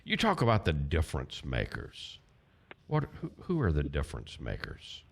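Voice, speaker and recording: A Southern-accented man hosts a radio talk show in a very deep voice. His pitch moves around a lot as he talks. He sounds chatty and laughs easily, and he often trips over his words. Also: huge pitch swings, moderate pace, creaky, slightly rough. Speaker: radio host.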